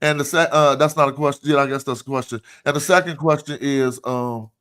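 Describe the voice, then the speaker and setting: A man in an online debate who keeps asking pointed questions in an even, insistent way. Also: mid-range voice, a little fast.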